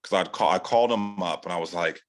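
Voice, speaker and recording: A man's voice: fast, soft background music, rough recording. Loose-talking man giving a pep talk. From California. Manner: loose, profane, full of "like" and "dude"; animated, rising pitch for emphasis. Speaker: sales team leader hosting a training call. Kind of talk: casual motivational pep talk.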